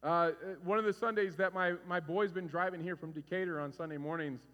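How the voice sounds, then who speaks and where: A man in his forties preaching a sermon as a pastor, animated and conversational, acting out stories with shouts. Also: high-pitched, a little fast, muffled recording. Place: church hall. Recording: reverberant hall.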